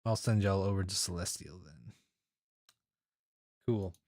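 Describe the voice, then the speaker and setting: A man's voice: sits low, a little slow, darkish tone, no echo, studio quality. A man streaming games, chatting casually with his viewers, rambling and laughing often. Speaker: game streamer. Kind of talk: casual chat with live chat.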